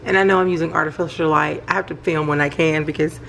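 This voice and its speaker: A middle-aged woman, chatting casually about her hobby at home at night and gushing with excitement. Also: low voice, fast talker, creaky, a little hiss or hum. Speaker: planner vlogger. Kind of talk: casual show-and-tell vlog.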